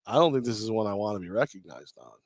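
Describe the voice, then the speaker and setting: Expressive self-deprecating male radio host. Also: lowish voice, quick pace, no room sound, clean studio sound. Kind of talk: casual sports talk.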